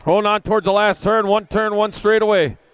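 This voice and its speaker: A man's voice: high voice, steady tone, brisk, fairly bright tone, clear, resonant tone. A man calling a kids' bike race live, folksy and chatty, with rambling asides. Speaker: race announcer. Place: outdoor race track.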